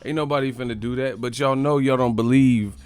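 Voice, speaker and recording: A man's voice: medium pitch, steady tone, brisk, a little mellow, clear, resonant tone. A man hosting a boxing live stream, rambling in casual slang and laughing often as he talks to his chat. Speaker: boxing channel host.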